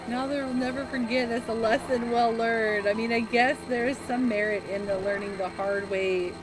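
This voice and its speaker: A woman's voice: on the high side, steady tone, normal speed. A woman streaming a video game live, chatting and swearing as she reacts to what she finds. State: yawning, tired. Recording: game music underneath. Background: game music.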